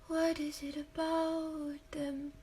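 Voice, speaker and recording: A woman singing impressions of female pop singers, with a breathy voice and sliding notes. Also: sits high, flat delivery, slow pace, warm tone, slight background noise, pitched above the performer's own voice. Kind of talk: sung impressions.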